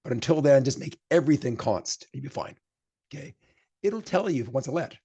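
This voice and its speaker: A man leads a programming lecture, coding live and talking through each step as he types. His voice is husky and mellow, at an ordinary middle pitch. He grows emphatic when he hands out advice. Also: expressive, brisk, lo-fi sound. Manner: chatty, thinks aloud while typing code. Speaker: programming instructor.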